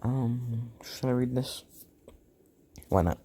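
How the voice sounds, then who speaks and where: A man playing a phone game and reading its messages and news stories aloud in a flat, offhand way. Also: medium pitch, a little slow, gravelly, a little hiss or hum. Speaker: gameplay streamer.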